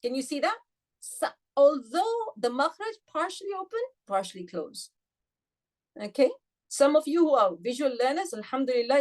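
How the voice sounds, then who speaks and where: A woman teaching an online recitation class. She explains patiently, asks her students questions and says sounds slowly, several times over. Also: high-pitched. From United Kingdom. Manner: patient, demonstrates sounds slowly and repeats them; addresses students directly with questions. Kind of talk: online tajweed lesson.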